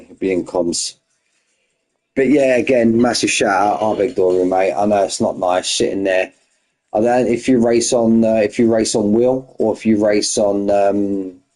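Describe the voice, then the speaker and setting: A man's voice: fairly low pitch, darkish tone. Chatty man hosting a race stream. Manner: chatty, matey, greets viewers one by one. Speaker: race league host. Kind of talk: casual streamed chat.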